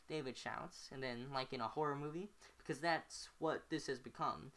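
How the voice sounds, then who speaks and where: Low-voiced woman reading a novel aloud. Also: normal speed, few pauses, a bit bright. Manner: stumbles and self-corrects on words. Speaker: amateur reader.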